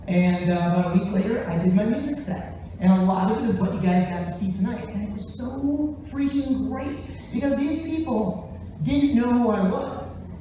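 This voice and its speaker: Animated male comic in an echoey theater. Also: sits high, a little hiss or hum. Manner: animated, jumps into voices. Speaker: stand-up comedian and musician. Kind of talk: stand-up storytelling. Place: large theater stage, live show. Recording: very echoey theater, distant mic.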